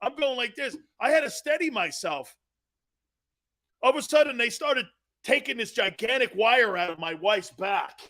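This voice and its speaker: A man's voice: extremely high pitch, expressive, moderate pace, pushed and bright, no room sound, studio quality. A man in his fifties, a sports talk host and former pro player, telling personal stories in a blunt, emphatic way with salty slang. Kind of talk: animated personal storytelling.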